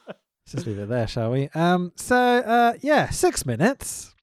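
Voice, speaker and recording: A man's voice: high-pitched, a little slow, dry recording, studio quality. A man co-hosting a casual wrestling podcast, ranting with lots of swearing and indignation. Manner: animated, profane, indignant ranting.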